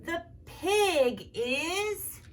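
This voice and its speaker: Against a noisy background, the U.S. speech therapist uses a very high, expressive voice for her toddler lesson. It's slow and sing-song, with animal sounds and drawn-out, playfully exaggerated words.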